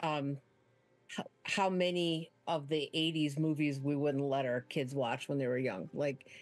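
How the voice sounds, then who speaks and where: A middle-aged woman in a relaxed group chat, talking with hesitant restarts while she hunts for the right word. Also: sits low, measured pace. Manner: searching for words, hesitant.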